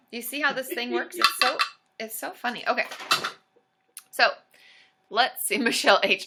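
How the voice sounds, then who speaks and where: A woman hosting a casual livestream as a counselor, bubbly and excitable, cheering along with sound effects. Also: on the high side, moderate pace, pauses often, very noisy. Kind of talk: casual livestream chat with viewers.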